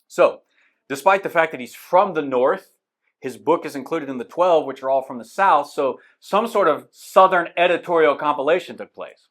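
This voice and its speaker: A man's voice: a little high, lively intonation, moderate pace, a bit bright. A man teaching a church Bible class, talking through a map in a casual, conversational way with frequent fillers.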